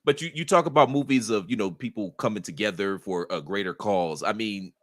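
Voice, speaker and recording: Bright-voiced man co-hosting a podcast. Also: fairly low pitch, dry recording, studio quality. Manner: dramatic, wry, slows for emphasis. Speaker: co-host. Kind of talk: casual podcast chat.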